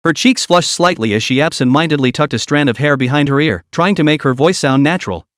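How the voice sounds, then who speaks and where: A man reading a scripted story recap as narrator, keeping an even storytelling read. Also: on the high side, fairly quick, no room sound, studio quality.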